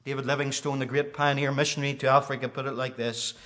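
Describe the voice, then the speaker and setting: A man preaching a sermon, reading scripture in a King James cadence and swelling into loud, high declamation. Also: flat delivery, fast.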